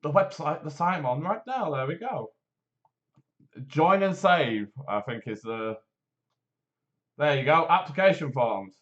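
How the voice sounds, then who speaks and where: A man hosts a casual live stream from home, mixing read promotion with rambling, self-deprecating jokes. His voice sits a little high for a man. The audio is dull and lo-fi. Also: animated, measured pace, pauses often, a bit bright. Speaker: host of a local live show.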